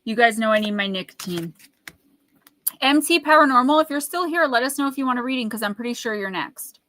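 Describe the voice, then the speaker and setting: A woman's voice: fairly high pitch, lively intonation, fairly quick, a bit bright. A woman chatting casually on a livestream, talking straight to her viewers and laughing often while she reads oracle cards aloud. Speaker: livestream oracle card reader and author. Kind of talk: casual livestream chat and card reading.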